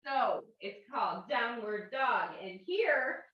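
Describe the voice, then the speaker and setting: Slow, gentle woman guiding a kids yoga class. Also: on the high side, big pitch swings. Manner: gentle, encouraging, playful animal sounds. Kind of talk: guided yoga class instruction. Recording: roomy, distant, dull lo-fi sound.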